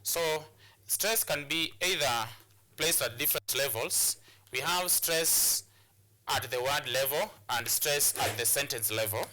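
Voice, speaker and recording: Bright-voiced Kenyan man teaching. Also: mid-range voice, unhurried. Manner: repetitive, hesitant with many fillers. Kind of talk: televised classroom lesson.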